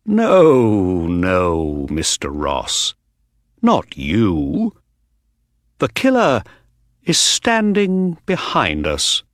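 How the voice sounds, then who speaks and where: A man voicing a calm, knowing detective in an audiobook, speaking in a quietly teasing way. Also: on the low side, extremely slow, no echo, clean studio sound, heavily acted. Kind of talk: audiobook character reading.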